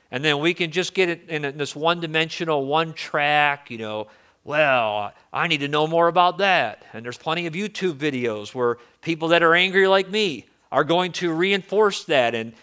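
A man's voice: a little high, bright, forceful tone, clean tone. A male pastor giving a conversational sermon, often repeating words as he restarts phrases.

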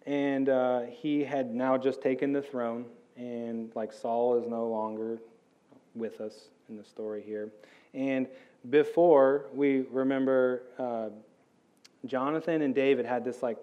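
A man's voice: mid-range voice, dark tone. An American man giving a casual Bible teaching, talking informally with many "like"s and "right?"s. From United States. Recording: dull lo-fi sound.

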